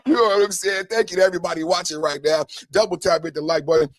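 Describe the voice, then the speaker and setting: Guy hosting his podcast all hyped, chanting catchphrases, high voice, dry close mic. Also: steady tone, fast talker, no room sound. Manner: hype-man delivery, chants catchphrases, sing-song rhymes. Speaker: podcast host.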